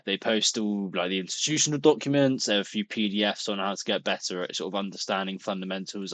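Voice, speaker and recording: A man's voice: sits low, fairly bright tone, no room sound. A young man, talking casually to camera in a rambling, chatty vlog, full of restarts and the odd swear. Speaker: vlogger.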